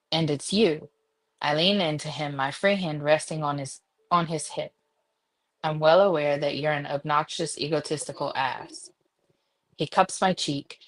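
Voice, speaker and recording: A woman reading a romance novel aloud, giggling now and then between passages. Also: low voice. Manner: giggly, breaks into laughter. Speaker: reader.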